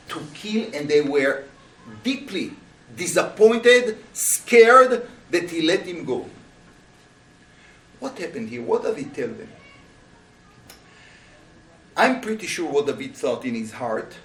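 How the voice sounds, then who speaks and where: A man teaching a Torah class as a rabbi, speaking with animated rhetorical questions to his students. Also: fairly high pitch, takes it slowly, pauses often, slight background noise. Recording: roomy, voice from a distance.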